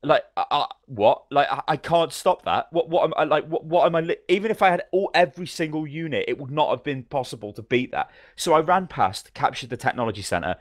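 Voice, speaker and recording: A man co-hosting a podcast, telling game stories in a fast, animated, swearing manner. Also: on the high side, dry recording, studio quality. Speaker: podcast co-host. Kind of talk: casual gaming chat.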